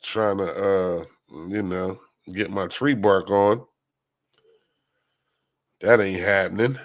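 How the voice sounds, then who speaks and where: Feeling sick and under the weather, a man hosts a live stream, chatting casually with viewers in loose slang and greeting them by name. His voice is low-pitched with a steady tone, he takes it slowly, and the recording is dry.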